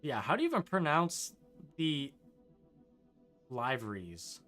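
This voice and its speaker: Casting: young male streamer from Canada, bright tone, loose chatty delivery, faint game music underneath. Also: medium pitch, wildly swooping pitch, slow. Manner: rambling, chuckling, lots of likes and ums. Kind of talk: casual gameplay commentary reading chat.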